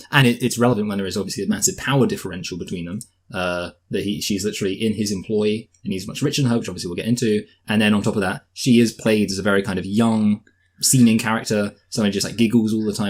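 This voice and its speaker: A man co-hosting a casual film review podcast, rambling and joking as he corrects himself. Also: fairly low pitch. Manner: rambling, self-correcting, jokey.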